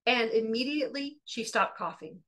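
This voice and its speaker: Lively, bright-voiced woman telling a story. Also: a little high, normal speed. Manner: lively storyteller acting out dialogue; conversational, with fillers and restarts. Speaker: Christian teacher. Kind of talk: testimony-style teaching.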